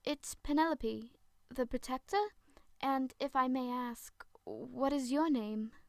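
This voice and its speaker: Calm young warrior-woman protector, read by a woman, higher voice, slow steady delivery, dry close sound. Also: vocal fry, dry recording, exaggerated voice. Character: young female sword-carrying protector, calm.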